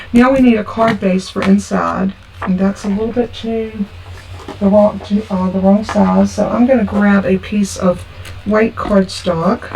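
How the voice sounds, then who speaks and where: A woman's voice: medium pitch, gravelly, warm tone. Chatty woman crafting from a distance. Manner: chatty, homey, talks through each step. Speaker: card-making crafter. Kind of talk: casual craft tutorial. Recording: from a distance with faint background noise.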